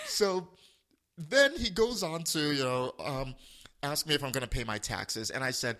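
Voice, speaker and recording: A man telling a funny story in casual chat, animated and laughing often. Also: medium pitch, moderate pace.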